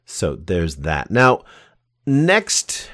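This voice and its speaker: A man with a low, deep voice hosts a podcast, chatting in a relaxed interview style, rambling and enthusiastic. He speaks very slowly, and the sound is dry and close with no room echo.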